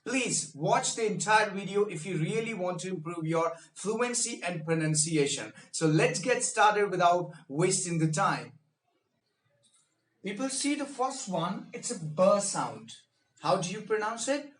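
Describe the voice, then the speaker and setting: A man speech coach giving a pronunciation lesson, repeating and drilling each word with deliberate emphasis. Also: high-pitched, animated, recorded from a distance. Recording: echoey room, mic set back.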